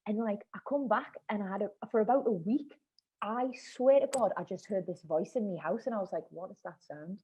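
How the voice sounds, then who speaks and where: Host, woman in her thirties, slangy and chatty, a bit husky. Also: mid-range voice, fairly quick, highs cut off. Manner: chatty, slangy, calls people mate. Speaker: podcast host. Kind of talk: casual chat.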